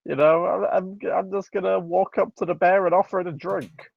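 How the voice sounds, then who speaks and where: A man's voice: high-pitched, steady tone, normal speed, vocal fry, no echo. A man playing a tabletop game, talking casually and playfully, stumbling over his words. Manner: stammering, playful. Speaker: player. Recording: dull lo-fi mic.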